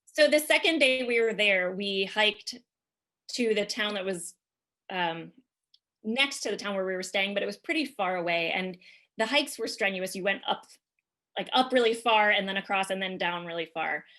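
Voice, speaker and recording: Bright-voiced woman telling a story. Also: medium pitch, moderate pace. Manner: chatty, rambling with many fillers and laughs. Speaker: podcast guest. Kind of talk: casual comic storytelling.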